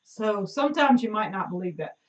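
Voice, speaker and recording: A woman's voice: medium pitch, lively intonation, fairly quick. A woman co-hosts a homestead live stream with a giggly, teasing manner, reading out comments from viewers. She is heard from across the room, and the sound is echoey and muffled. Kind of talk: casual live-stream chat. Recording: distant, roomy, muffled sound.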